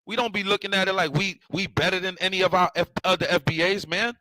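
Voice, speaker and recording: A man's voice: high voice, fairly even intonation, fast, sharp tone, no room sound, low-quality recording. A man hosting a livestream, ranting confrontationally and repeating himself. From New York City. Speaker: online show host. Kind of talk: heated livestream rant.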